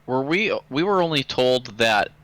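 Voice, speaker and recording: A man's voice: medium pitch, animated, measured pace, a bit bright. A man playing a tabletop game who asks earnest questions. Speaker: player. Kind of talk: casual tabletop play.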